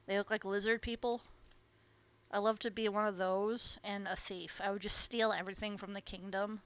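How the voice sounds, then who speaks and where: A woman's voice: medium pitch, flat delivery, moderate pace, fairly bright tone, clear, resonant tone. A woman chatting casually on a live stream, talking to her plants and to her viewers at home. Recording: muffled lo-fi stream audio with faint noise.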